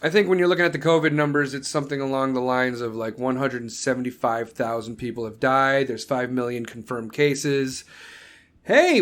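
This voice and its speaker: A man who is an American combat veteran, hosting a solo podcast and ranting with heavy profanity. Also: fairly high pitch. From United States. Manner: mocking voices when quoting others. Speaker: podcast host.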